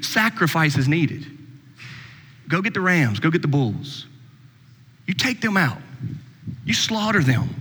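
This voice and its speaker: A male pastor preaching a sermon, dropping to low soft passages and rising to high, emphatic exhortation. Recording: long reverb in a hall.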